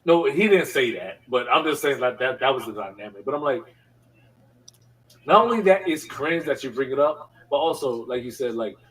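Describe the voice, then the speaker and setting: A man's voice: medium pitch, expressive, normal speed, fairly bright tone, husky, far from the mic, low-quality recording. A man telling a work story in casual podcast chat, laughing often and filling his talk with slang and fillers. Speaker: podcast co-host.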